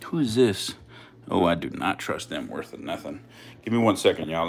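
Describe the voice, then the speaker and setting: Slangy low-voiced man chatting on a live stream. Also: lively intonation, moderate pace, gravelly, a little hiss or hum. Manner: slangy, talks to viewers and the snakes, swears. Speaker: reptile keeper streaming live. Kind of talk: casual live-stream chat. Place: indoors by snake enclosures.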